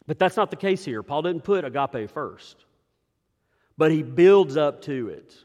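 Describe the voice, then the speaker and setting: A man preaching a sermon as pastor, swinging between emphatic rises and hushed, quiet drops. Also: a little high, animated, measured pace, muffled recording. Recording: long reverb of a large hall.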